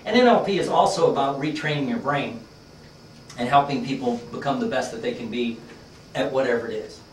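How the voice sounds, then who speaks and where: A man's voice: medium pitch, fairly quick, roomy sound, far from the mic, slight background noise, poor audio. A man teaching a workshop class, telling a story in a conversational, folksy way with lots of fillers. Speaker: workshop trainer.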